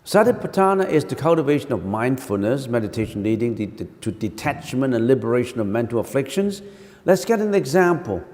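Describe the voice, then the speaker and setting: A man teaching meditation as a Buddhist monk, giving an animated dharma talk full of rhetorical questions and repeated phrases. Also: mid-range voice, brisk. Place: temple hall. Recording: long reverberant hall.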